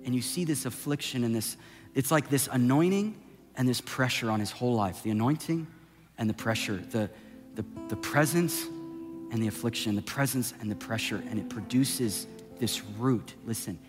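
A male pastor preaching a sermon, swinging from impassioned shouting down to a hushed, intimate delivery. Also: mid-range voice, moderate pace. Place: church sanctuary. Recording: long hall reverb with soft music behind.

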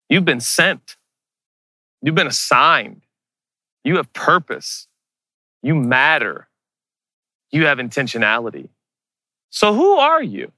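A man's voice: on the high side, sharp tone, no echo, studio quality. A male pastor preaching a sermon, emphatic, repeating rhetorical questions.

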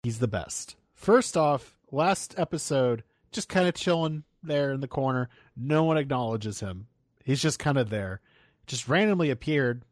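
A man's voice: medium pitch, measured pace, no echo. Young guy co-host going off about a tv show, cussing a lot, dead dry sound. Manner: animated, profane, ranting with mock quotes. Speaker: podcast co-host. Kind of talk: casual TV recap chat.

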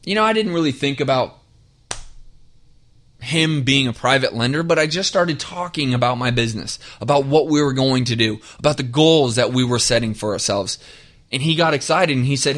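A man hosting a podcast, talking straight to listeners in a direct, energetic coaching tone and driving his points home by repeating them. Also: medium pitch, moderate pace. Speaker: podcast host. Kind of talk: motivational podcast monologue.

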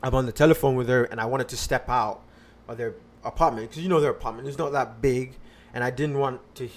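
A man's voice: medium pitch, steady tone, fast. A man on a podcast casually telling a personal story, rambling with lots of fillers and restarts.

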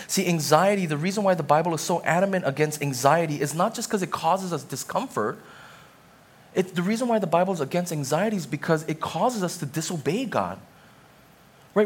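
A man's voice: on the high side, animated, fairly quick, slightly rough. A man giving a sermon as a pastor, telling a personal story in a conversational way full of fillers and restarts.

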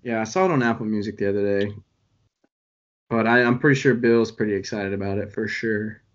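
A man's voice: fairly low pitch, fairly even intonation, a little fast, highs cut off. A man chatting casually with friends in an easygoing, slangy way. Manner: easygoing, slangy, laughs a lot. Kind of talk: casual chat.

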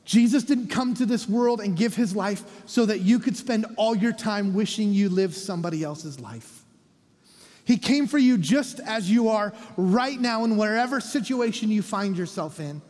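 Animated high-voiced pastor in a hall. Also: male voice. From North America. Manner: animated, humorous preaching with quiet, soft-spoken endings. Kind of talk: sermon. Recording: reverberant church hall.

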